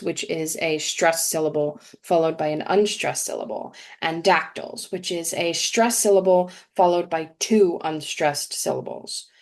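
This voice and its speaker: A young adult woman giving a prepared talk at a congregation service, explaining things in a measured way and reading verse slowly with emphasis. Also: fairly low pitch, a little mellow. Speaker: guest speaker at a congregation service. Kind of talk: prepared talk read aloud.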